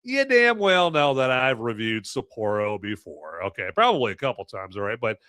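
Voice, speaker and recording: A man's voice: medium pitch, big pitch swings, moderate pace, pushed and bright, clear, resonant tone, no room sound, studio quality. A man hosting a live podcast, chatting casually in a rambling, self-mocking way with jokey asides. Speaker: podcast host reviewing movies and beer. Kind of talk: casual live-stream chat.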